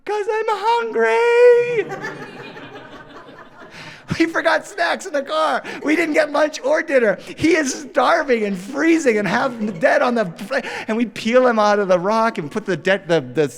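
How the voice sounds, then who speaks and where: A man telling a family story live in a studio, animated and dramatic. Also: sits high, moderate pace, vocal fry, few pauses, big-room sound. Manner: animated, dramatic, jumps into character voices. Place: recording studio.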